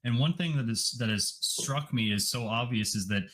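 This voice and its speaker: A man's voice: medium pitch, normal speed, fairly bright tone. A man hosting an interview, making long, fervent statements that run on. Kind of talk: conversational interview commentary.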